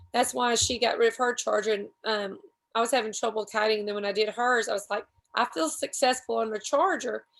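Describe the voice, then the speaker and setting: A woman's voice: fairly high pitch, creaky, a bit bright. A woman, a podcast guest, telling rambling, self-deprecating stories in casual chat.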